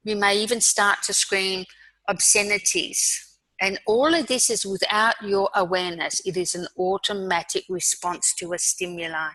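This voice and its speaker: Calm Australian woman guiding mindfulness. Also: mid-range voice, no room sound, rough recording. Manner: calm, slow guiding with soft pauses. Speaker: mindfulness speaker. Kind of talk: guided mindfulness talk.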